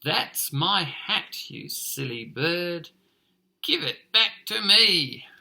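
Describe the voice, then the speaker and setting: A man voicing a cross, fussy woman who loves her hats, shouting in a shrill, exaggerated storybook way. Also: very animated, takes it slowly, gravelly, full character voice.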